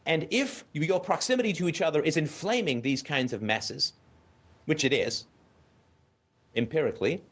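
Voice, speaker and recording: A man's voice: a little high, moderate pace, long pauses, a bit bright, husky. A man hosting a call-in show, giving a caller blunt, profane advice in an emphatic, lecturing way and often asking "right?".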